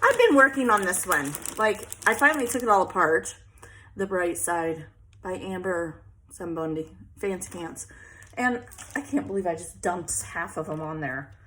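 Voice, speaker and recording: A woman's voice: lowish voice, expressive, moderate pace, fairly bright tone. Chatty woman venting while crafting. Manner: chatty, venting, laughs often. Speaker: scrapbooking vlogger. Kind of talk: casual chat while crafting.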